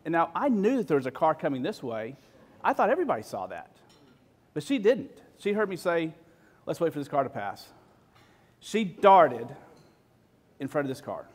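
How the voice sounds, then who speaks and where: A man in his forties telling a personal story in an emotional, halting way, full of restarts. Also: medium pitch.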